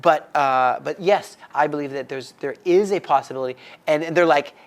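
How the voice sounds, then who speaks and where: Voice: mid-range voice, normal speed. A person from the United States in casual chat on a faith podcast, animatedly telling a story and acting out the quoted voices.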